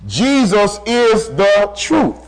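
Male preacher, very high voice, emphatic, repeats key phrases, sermon delivery. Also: sing-song, extremely slow, low-quality recording.

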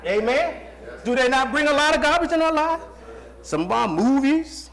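Man, forties, very high voice, pastor preaching, folksy, call-and-response questions. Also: animated, normal speed, a bit bright. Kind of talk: sermon.

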